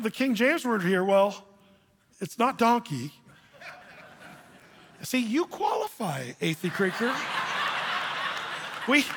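A male pastor preaching a lively, humorous sermon in a folksy storytelling manner, in a hall with long reverb. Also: extremely high pitch.

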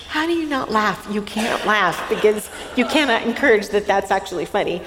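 A middle-aged woman co-hosting a faith-based talk, telling a parenting story in a lively way, laughing often and dropping to a soft voice when she quotes someone. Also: a little high. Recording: reverberant room with faint hiss.

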